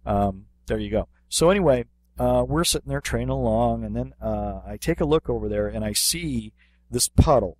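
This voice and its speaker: Guy on a podcast telling a dojo story, chatty, lots of ums, average pitch. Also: normal speed, dry recording. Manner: animated anecdote telling with many fillers. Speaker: podcast co-host, martial arts instructor. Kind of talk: casual storytelling chat.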